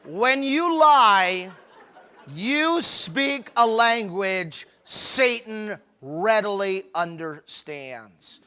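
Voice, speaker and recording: High, bright-voiced male seminar speaker. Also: lively intonation, very slow, clean tone. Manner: emphatic, preachy, joking. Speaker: marriage conference speaker. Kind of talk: humorous live seminar talk.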